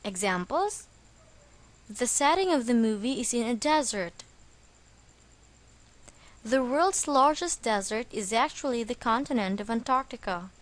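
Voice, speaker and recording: A woman delivers a scripted English vocabulary lesson in a measured, unhurried way. Her voice sits a little high, and she leans on each stressed syllable as she explains. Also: animated. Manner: slow, careful, stressing syllables. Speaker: English teacher.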